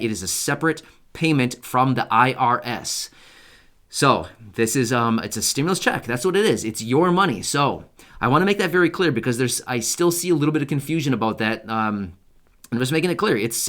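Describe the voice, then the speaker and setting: A man in an ordinary middle register explains things to his audience in a relaxed, chatty way. He circles back and repeats the main points to make them stick. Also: mid-range voice, moderate pace. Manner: conversational, repeats key points for emphasis; speaks directly to viewers. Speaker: channel host. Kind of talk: casual explainer video.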